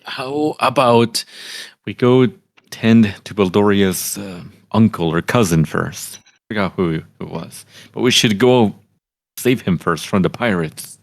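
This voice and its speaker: A man's voice: on the low side, measured pace, creaky, no room sound. A man playing a tabletop game, speaking hesitantly. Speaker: player.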